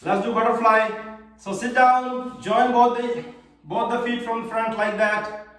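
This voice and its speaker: High-voiced man coaching kids' yoga, echoey. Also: fairly even intonation, measured pace, a bit bright. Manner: cheerful, simple step-by-step cues to children. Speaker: kids yoga teacher. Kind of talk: live online yoga class instruction. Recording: very echoey room, voice far from mic.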